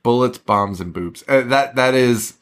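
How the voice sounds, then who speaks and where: A man co-hosting a podcast in casual chat, excitable, swearing a lot and laughing often. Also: medium pitch, measured pace, smooth. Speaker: podcast co-host.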